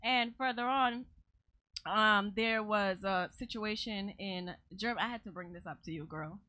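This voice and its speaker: A woman's voice: mid-range voice, measured pace, pushed and bright, no room sound. A woman from Jamaica co-hosting a talk show, chatting casually and laughing often. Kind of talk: casual chat.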